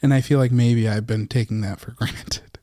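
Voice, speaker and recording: A podcast co-host in casual chat, talking in a hesitant, reflective way. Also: male voice, medium pitch, fairly even intonation, normal speed, dark tone, no room sound, clean studio sound.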